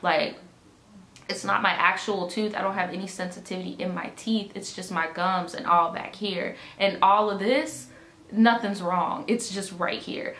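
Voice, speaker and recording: A young woman vlogger tells a storytime at home, her voice medium-pitched and her pace measured, while nursing a swollen, aching jaw. Exasperated and profane, she animatedly acts out both sides of a conversation with quoted dialogue. The camera mic captures an echoey indoor room with faint ambient noise.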